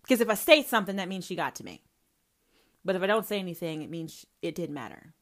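A woman's voice: lowish voice, lively intonation, quick pace, fairly bright tone. Fiery, foul-mouthed woman podcaster. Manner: profane, confrontational and emphatic; speaks straight to her mother. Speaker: podcast host. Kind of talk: personal podcast monologue.

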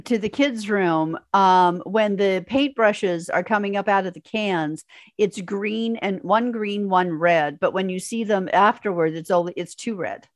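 A woman's voice: medium pitch, measured pace. A woman with a mid-range voice co-hosting a casual chat about a horror film. She points out trivia and continuity slips in a plain, matter-of-fact way. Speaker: podcast co-host.

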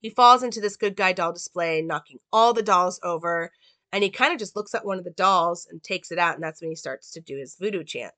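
A woman walks through a film's plot and meaning in a relaxed, rambling way. Her voice is bright and crisp, and the recording is dry with no room sound. She fills her pauses with "like" and "um.". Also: on the low side, no room sound. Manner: loose, with many "like" and "um" fillers. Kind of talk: casual film analysis and plot recap.

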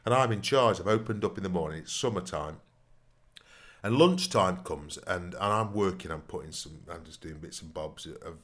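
A man's voice: low-pitched, fairly bright tone. A man telling long, rambling stories in a casual podcast chat, often adding "you know what I mean". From Nottingham, England. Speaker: podcast co-host.

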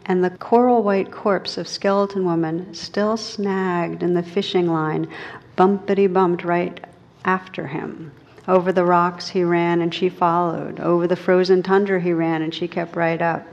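Low-voiced woman teacher in an echoey hall. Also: a little mellow. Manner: casual, laughs at her own asides. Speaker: meditation teacher. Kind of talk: talk to a group, then reading a story aloud. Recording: dull recording with a long hall echo.

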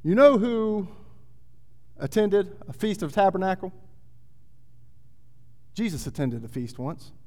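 A man's voice: high-pitched, sing-song, slow pace, long pauses, a little mellow. A man preaching a sermon, reading scripture aloud and building in intensity. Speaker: pastor. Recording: long hall reverb.

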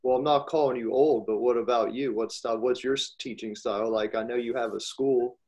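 A man interviewing casually, asking questions in a relaxed, hesitant way with fillers. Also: medium pitch, brisk.

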